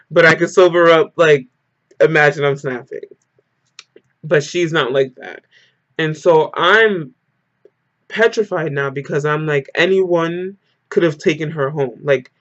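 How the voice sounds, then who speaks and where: Young man telling a storytime, muffled audio. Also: fairly high pitch. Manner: animated, emotional retelling full of "like". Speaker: storyteller vlogger. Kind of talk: casual storytime monologue.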